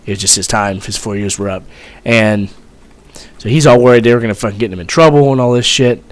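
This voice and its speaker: A man's voice: fairly low pitch, a little fast. A young man casually telling a rambling, profane story as a vlogger, full of fillers and swearing.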